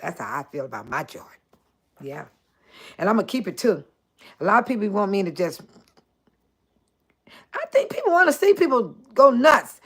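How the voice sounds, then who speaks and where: An older woman hosting a casual live chat, talking straight to her viewers by name, chatty and animated with frequent laughter. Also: medium pitch, normal speed, pauses often. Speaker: host.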